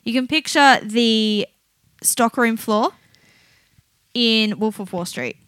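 A woman's voice: on the high side, slow pace, no echo. A woman who works in child therapy, chatting casually on a podcast and telling stories with acted-out voices. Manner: animated storyteller who acts out voices. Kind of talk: casual chat.

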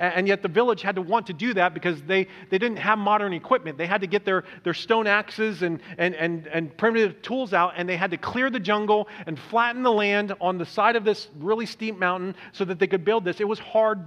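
A man preaching a sermon as pastor, earnest, stumbling over repeated words and slowing down to stress quoted lines. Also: sits high, fairly bright tone. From Indonesia. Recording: dull lo-fi recording in a reverberant hall.

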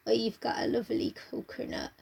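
A woman's voice: brisk, a little mellow, slight background noise. A woman co-hosting a casual book discussion, irreverent and sweary, reading passages aloud. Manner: irreverent, sweary, laughing often. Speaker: podcast co-host.

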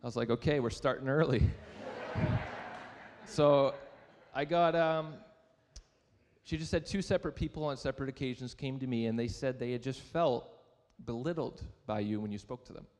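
At a moderate pace and with a slightly mellow, mid-range voice, a young adult man preaches in a church sanctuary where the sound fills a big room. As pastor, he tells a personal story in a casual, self-mocking way and asks the audience questions.

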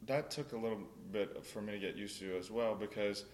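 A young man from Louisiana tells a story in a relaxed chat, his voice sitting low. He talks loosely with lots of "like" and laughs. A faint noise sits under the recording. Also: fairly quick. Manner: animated, laughing storyteller with many fillers.

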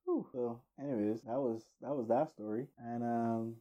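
A man telling a rambling, animated story casually, laughing now and then, in a dull lo-fi recording. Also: mid-range voice, normal speed.

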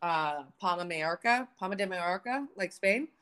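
A woman's voice: fairly low pitch, lively intonation, normal speed, fairly bright tone, smooth. A young woman co-hosting a podcast in casual chat, laughing often and acting out what people said. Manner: laughs often, acts out quoted lines. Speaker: podcast co-host.

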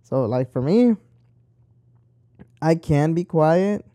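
A man's voice: a little high, expressive, slow pace, warm tone, no room sound. A young man chatting casually, rambling and swearing freely as he tells stories. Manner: rambling, profane and talkative. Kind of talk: casual chat.

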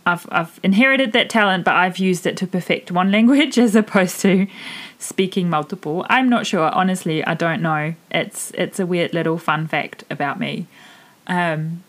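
A woman's voice: lowish voice, normal speed. Chatty New Zealand-accented woman podcaster. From Germany. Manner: chatty and candid, with fillers and self-corrections. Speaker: podcast host and mindset coach. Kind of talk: casual solo podcast monologue.

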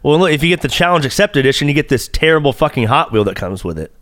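Young male podcast host, slightly high voice with a bouncy, animated delivery, joking and swearing in a dry, close-miked sound. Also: very fast, no room sound. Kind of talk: casual chat.

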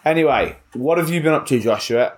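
A man's voice: fairly high pitch, animated, a little fast. A man in his thirties from the United States hosting a podcast, leading the chat in a jokey way. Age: 30s. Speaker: podcast host.

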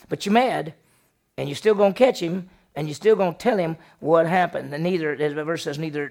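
A man's voice: a little high, creaky, darkish tone. A middle-aged male pastor preaching a sermon in a conversational way, often asking his listeners questions. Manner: conversational, asks the audience questions. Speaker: senior pastor.

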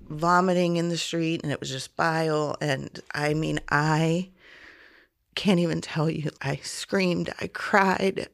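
A woman in her forties recounts a personal ordeal in halting, emotional phrases. Her voice sits low and carries a gravelly fry. The sound is dry and close. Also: no room sound. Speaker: interviewee. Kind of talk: personal testimony.

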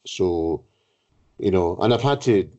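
A man's voice: sits low, expressive, takes it slowly, warm tone. Rambling man, dull lo-fi sound. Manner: rambling, repeats words while searching. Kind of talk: conversational anecdote.

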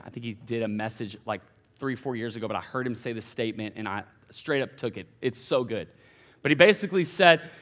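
A young man, preaching a sermon as a college pastor in a conversational way that swings between quiet and emphatic. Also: mid-range voice. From United States. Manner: conversational preaching, fillers and restarts, swings from soft to loud.

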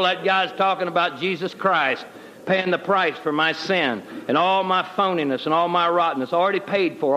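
A middle-aged man with a high voice tells his conversion story as a guest, speaking in a folksy, plain way with homespun grammar. The background is noisy.

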